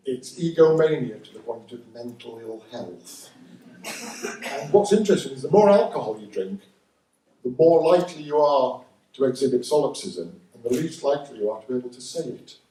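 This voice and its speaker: A man's voice: medium pitch, warm tone. A man with a Northern English accent doing a stand-up comedy set in a dry, wry manner, recorded live at a comedy venue. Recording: roomy live recording from a distance.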